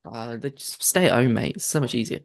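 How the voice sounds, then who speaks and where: A man's voice: mid-range voice, fairly quick. A man in his thirties co-hosting a podcast, joking and complaining in casual chat. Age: 30s. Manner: jokey, complaining. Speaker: co-host.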